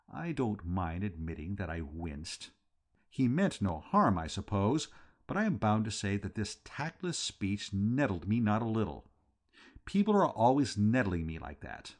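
A man reading a comic novel aloud in a wry, lively first-person narration. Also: on the low side, unhurried. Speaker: audiobook reader.

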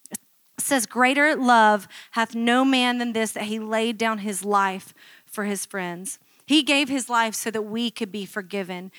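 A woman's voice: on the high side, fairly bright tone, no room sound. A middle-aged woman pastor preaching a sermon in a chatty, self-mocking storytelling way, acting out quotes from her own life.

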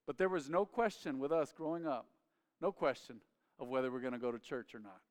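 A man preaching a sermon as a pastor, telling family stories in an animated way and acting out his father's lines loudly. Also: mid-range voice, brisk. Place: church sanctuary. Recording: reverberant church sanctuary.

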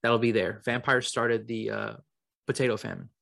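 A young man hosts a comedy podcast in a flat, mock-serious tone, stating ridiculous things as if they were plain fact. His voice sits at an ordinary, middling pitch for a man. He keeps a casual, conversational rhythm. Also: moderate pace, gravelly, dry recording, clean studio sound. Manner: deadpan, mock-serious absurd riffing. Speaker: podcast co-host. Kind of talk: improvised comedy podcast chat.

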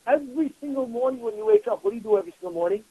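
A man's voice: very high voice, big pitch swings, very fast, gravelly, narrow, tinny audio. A man, a rabbi, giving a Torah class sermon, emphatic and repetitive, firing rhetorical questions at his students. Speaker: rabbi teaching a weekly class.

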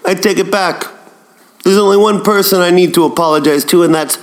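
A man's voice: high voice, fairly quick, voice pushed up, close to an everyday voice. A man impersonating a grumpy, foul-mouthed male podcast host who rants sarcastically, as a comedy parody. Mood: ranting. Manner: profane, ranting, sarcastic.

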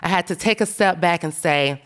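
A woman speaking on a panel, telling animated, emphatic stories in a frank, profane way and calling her listeners "baby". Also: fairly low pitch, moderate pace, clean tone. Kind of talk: panel discussion talk.

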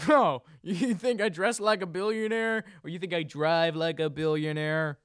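A man's voice: a little high, moderate pace, clean tone, dry recording, clean studio sound. A man co-hosting a podcast in casual, joking banter. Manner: joking, loud outbursts, goofy voices. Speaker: podcast co-host.

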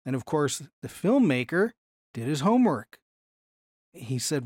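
A man teaches a Bible class from his slides, speaking in a fairly high voice. He is animated and often slows down to lean on key phrases. The sound is dry and close, with little room around it. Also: dry recording.

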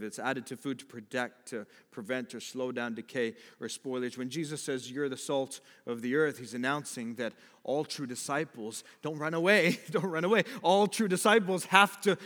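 Preacher guy, kinda high voice, loud then quiet, lots of reverb like a big church hall. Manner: swings between loud emphatic exhortation and low quiet explanation. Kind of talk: sermon.

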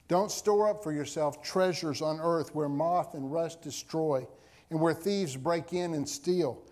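A man's voice: fairly high pitch, dark tone. A male pastor preaching a sermon to his congregation, reading scripture and hammering home key phrases through repetition. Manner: emphatic, repeats key phrases for effect. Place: church service before a congregation.

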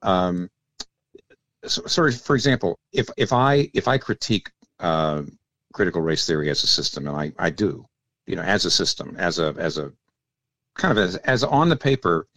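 An older man with a very deep voice explains theological ideas as a radio guest, thinking aloud and often restarting. The sound is dry and close, with no room echo. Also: animated, normal speed, a bit bright. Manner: thoughtful, explanatory, with many restarts. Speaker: guest pastor and author.

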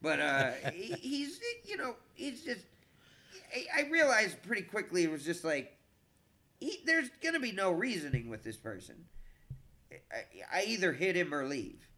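A middle-aged man, a comedian, telling a long story in a casual, animated, profane way, with frequent stammered restarts. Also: sits high, a little slow.

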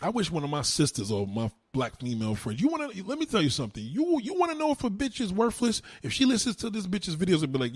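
A man ranting to a live chat as a streamer, loud, heated and profane. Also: high-pitched, sing-song, fast, few pauses, breathy edge, no room sound, studio quality. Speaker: online streamer.

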